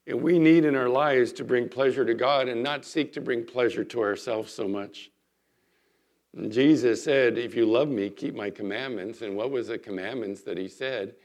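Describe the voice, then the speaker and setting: A man's voice: medium pitch, a little slow. A man preaching in a chatty storytelling way. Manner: conversational storytelling, lively emphasis. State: recovering from illness. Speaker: pastor. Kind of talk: sermon. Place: church.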